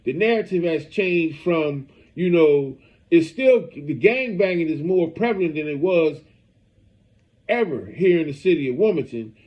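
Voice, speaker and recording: A man runs a casual street news show in a fairly high voice, circling back with "you know what I mean" as he goes. The audio is dull and lo-fi. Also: animated, measured pace. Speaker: street news channel host.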